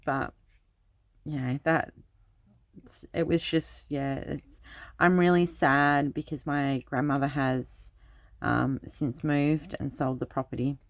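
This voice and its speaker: A woman who is an adult parent hosts a craft channel and, in a casual chat while she works on a craft video, tells long, rambling childhood stories. Her voice is deep and steady, and she takes it slowly with frequent pauses. There is no echo.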